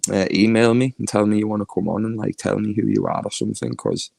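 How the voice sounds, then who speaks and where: Crude, mocking Liverpool streamer, low and gravelly, dry close sound. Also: male voice, fast, darkish tone, dry recording, rough recording. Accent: Liverpool (Scouse). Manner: crude, mocking, laughs often. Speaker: livestream host. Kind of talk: casual ranting livestream.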